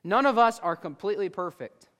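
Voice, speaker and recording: A man delivers a sermon in a voice pitched a little high for a man. He keeps it conversational and animated and speaks directly to his listeners. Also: brisk. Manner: conversational, animated preaching that addresses the listeners as folks. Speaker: preacher.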